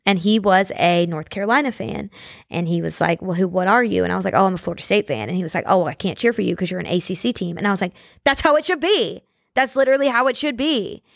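A woman's voice: lowish voice, expressive, quick pace, gravelly, no echo, clean studio sound. Sassy young woman ranting on a podcast. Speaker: podcast host. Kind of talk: solo podcast rant.

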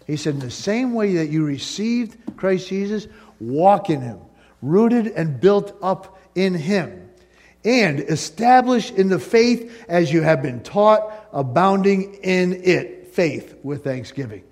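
A man preaching a sermon as pastor, animated, acting out the voices of doubting listeners. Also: fairly high pitch.

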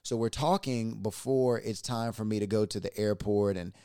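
Low-voiced man telling a story. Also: normal speed, clean tone, dry recording, clean studio sound. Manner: lively retelling, repeats words when excited. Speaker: podcast host. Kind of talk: personal storytelling.

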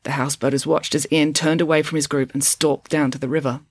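A woman reading a children's chapter book aloud in an expressive storytelling voice, close to the microphone. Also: deep voice, fast, dry recording. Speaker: audiobook reader.

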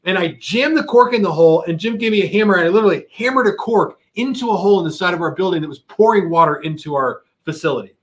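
A man hosting a casual chat show, telling stories in an animated way and acting out what people said. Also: sits high, fast, hardly any pauses. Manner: animated storyteller, acts out quotes loudly. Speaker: podcast host.

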